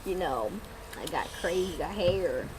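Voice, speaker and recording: A woman's voice: fairly low pitch, lively intonation, slow, noisy background. A woman performing a zany comedy monologue, talking erratically, swinging between squeals and mumbles in a mock-tearful way.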